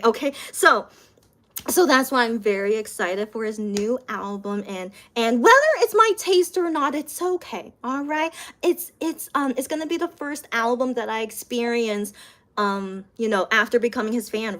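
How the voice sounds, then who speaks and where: A woman's voice: on the high side, a bit bright. A young woman chatting casually on a live stream, repeating herself, laughing often and reading viewer comments aloud.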